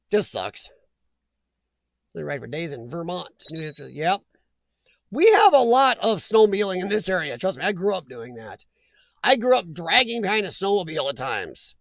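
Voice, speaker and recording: A man's voice: fairly high pitch, vocal fry, bright, forceful tone, no room sound. A middle-aged man hosting a live chat stream, rambling and joking as he reacts to viewers' comments.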